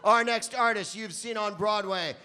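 A man's voice: high voice, normal speed, sharp tone, clean tone. A man emceeing a comedy show who recites a poem grandly and then introduces the next act like a showman. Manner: declamatory, building to a showman's call. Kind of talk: stage introduction.

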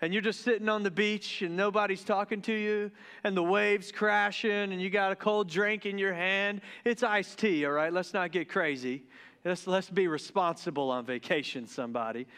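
A pastor preaching in a relaxed, joking way, often stumbling and restarting as his excitement runs ahead of him. His voice sits high for a man and comes through smooth and resonant. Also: normal speed. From Deep South of the US. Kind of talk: casual sermon. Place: church sanctuary.

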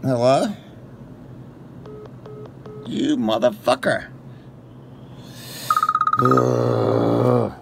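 A man prank-calling phone scammers, talking in crude, profane, deliberately absurd rambles. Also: mid-range voice, steady tone, gravelly, very noisy. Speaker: prank caller baiting scammers. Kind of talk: casual phone prank banter.

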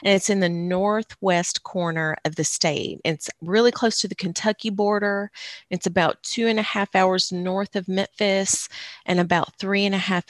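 A woman's voice: on the low side, no echo. A woman in her thirties from Tennessee with a Southern accent, talking about her life as a guest author in a friendly, folksy, rambling way. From Northwest Tennessee, USA. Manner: chatty, folksy, frequent restarts and fillers. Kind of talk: casual interview conversation.

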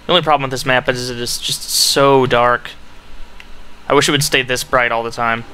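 Young male gaming commentator, very bright tone, rambling casual chat, faint game noise behind. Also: medium pitch, steady tone, normal speed. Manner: rambling, filler-heavy storytelling.

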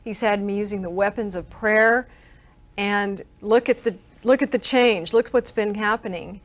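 A woman's voice: mid-range voice, moderate pace. An older woman, an interview guest, earnestly recounting a personal story and acting out the dialogue she remembers.

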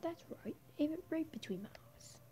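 A woman's voice: sits high, expressive, normal speed, warm tone, pitched above the performer's own voice, low-quality recording. Woman putting on a taunting Australian drifter. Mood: menacing. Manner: mocking, drawling, mostly whispered. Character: grizzled homeless drifter man, taunting and unhinged. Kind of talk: voicing game dialogue aloud.

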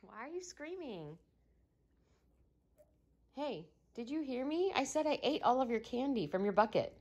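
A young woman talking as a mother in a casual home video, softly coaxing and gently repeating her questions. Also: high-pitched, animated, brisk, muffled recording.

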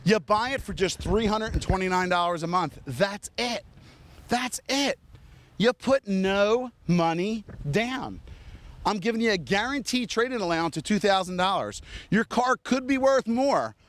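Standing outdoors on a dealership lot, a salesman hosting a TV car commercial fires off vehicle features in an eager hard-sell pitch, speaking directly to viewers and the cameraman. His delivery is expressive and slightly bright.

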